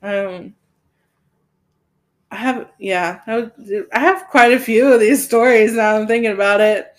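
A woman's voice: on the high side, measured pace. A woman podcast co-host, telling rambling stories in casual chat and giggling often.

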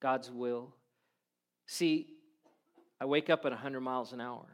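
A man preaching a sermon, earnestly quoting prayers and scripture, often dropping suddenly soft. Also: medium pitch, steady tone, a little slow. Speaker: pastor.

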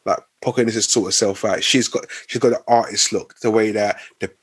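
A man's voice: on the low side, fairly even intonation, husky, no room sound. A young man, co-hosting a casual chat. He often repeats words while he works out what to say. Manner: halting, repeats words while forming thoughts.

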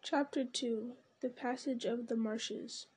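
A woman narrating a storybook aloud with a steady, unhurried reading manner. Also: fairly high pitch, slightly rough. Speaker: audiobook reader.

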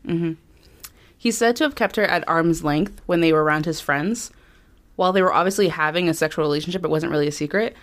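Low-voiced woman podcast co-host. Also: quick pace. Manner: chatty, with frequent ums and quoted passages. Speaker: podcast co-host telling a true crime story. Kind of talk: casual chat, reading from notes.

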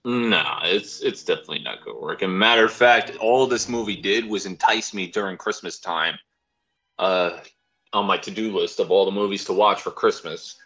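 A man with a lowish voice and a bright, forceful tone chats casually on a podcast. He rambles emphatically and swears now and then. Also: normal speed. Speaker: podcast co-host. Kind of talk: casual chat.

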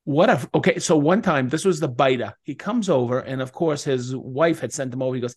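A man's voice: a little fast, hardly any pauses, a little mellow, husky. A man co-hosting a podcast in casual chat, acting out the people in his stories with a raised voice. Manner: acts out quoted voices in a higher pitch. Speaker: podcast co-host.

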